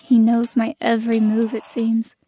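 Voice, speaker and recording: Young female elf soldier narrating her own story in an audio drama, played by a young woman: bitter, defiant, flat delivery. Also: a little high, normal speed, slight background noise, close to an everyday voice. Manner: bitter, defiant inner monologue.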